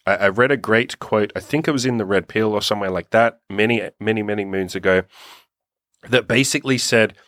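Deep-voiced blunt male dating coach. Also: fast talker, few pauses, a bit bright, no room sound, clean studio sound. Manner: blunt, swears freely, thinks aloud with restarts. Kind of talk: casual advice monologue.

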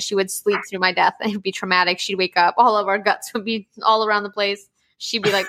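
A woman's voice: mid-range voice, moderate pace, long pauses. A woman hosting a podcast in casual chat, chatty and prone to laughing. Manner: chatty, giggly, animated storyteller. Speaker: podcast host.

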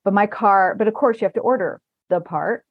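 A woman's voice: medium pitch, fairly quick, no room sound. Chatty woman host, dull dry sound. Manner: rambling anecdotal storytelling, laughs often. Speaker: podcast host. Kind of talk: casual chat.

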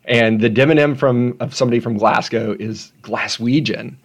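A man's voice: medium pitch, normal speed. A man hosting a solo podcast at home, talking casually with rambling, self-deprecating asides. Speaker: podcast host.

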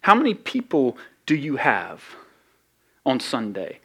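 A man preaching a sermon as pastor, conversational and animated, rising to loud peaks and dropping low. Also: measured pace, slightly rough.

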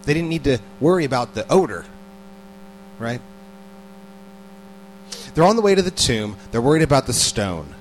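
A man's voice: mid-range voice, very animated, moderate pace, long pauses, soft background music, poor audio. Conversational man preaching casually. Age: adult parent. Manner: conversational, repeats words, asks the listeners questions. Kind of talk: casual sermon.

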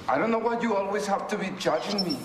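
A man's voice: high-pitched, fast talker, lightly acted. A man playing a defensive skeptic, echoey. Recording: echoey room with loud background noise.

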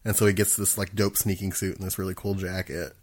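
Chill guy cohosting, low voice, dry sound, lots of yeps. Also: flat delivery, fast, a little mellow, dry recording. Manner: laid-back, lots of short agreement. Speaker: podcast co-host. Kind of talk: casual movie recap chat.

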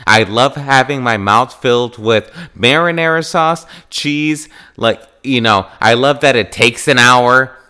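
A man from Wisconsin hosting a podcast, talking in an animated, emphatic casual monologue and acting out quoted exchanges. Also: mid-range voice, a little slow, few pauses, clean tone. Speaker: podcast host.

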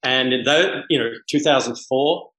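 A middle-aged man from Mauritius tells an animated story, acting out each voice as he goes. His pitch sits in the middle range. The recording carries a roomy echo. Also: normal speed. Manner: animated, acts out dialogue. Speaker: podcast guest. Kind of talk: casual anecdotal storytelling.

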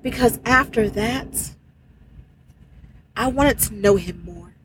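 A woman's voice: on the high side, takes it slowly, background noise. A woman, a truck driver, telling a personal faith story in casual, emphatic speech with exclamations. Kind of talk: casual spoken testimony.

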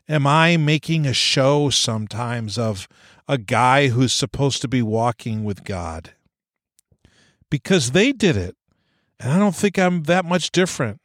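A man's voice: mid-range voice, dry recording, clean studio sound. A man speaking as a pastor in an earnest, searching sermon, reading scripture aloud with rising emphasis.

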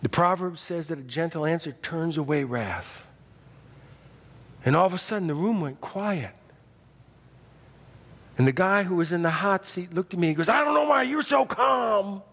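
A man preaching a sermon as pastor, folksy and animated, dropping from loud emphasis to hushed intensity. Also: a little high, moderate pace, long pauses, long reverb tail. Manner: folksy, humorous asides.

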